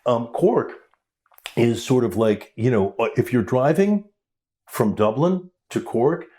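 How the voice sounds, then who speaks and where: A man's voice: mid-range voice, lively intonation, takes it slowly, mellow. A middle-aged American man, a guest actor, telling anecdotes animatedly in an interview, with lots of fillers and restarts. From United States. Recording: roomy echo.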